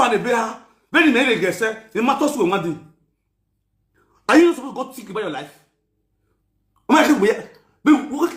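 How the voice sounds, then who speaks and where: High-voiced man ranting loudly. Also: echoey room. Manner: loud, scolding and mocking, mixes English, Pidgin and Yoruba. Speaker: commentator. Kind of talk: ranting commentary.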